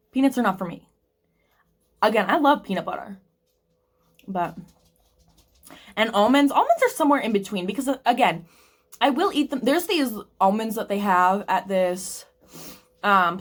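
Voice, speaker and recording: A woman vlogger in casual chat, talking through a taste test, chatty and opinionated with plenty of ums and likes. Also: medium pitch. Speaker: book vlogger.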